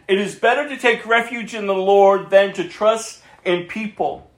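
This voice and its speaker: A male pastor with a fairly high voice preaches a sermon, earnest and warm, reading scripture aloud to his church and often chuckling between points. He moves at a moderate pace with hardly any pauses, and the sound rings in a reverberant room.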